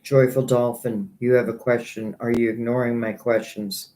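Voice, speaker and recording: A man's voice: mid-range voice, level tone, normal speed, dark tone. A man giving psychic tarot readings on a live stream, rambling and thinking aloud, earnest and a little hurt by critics.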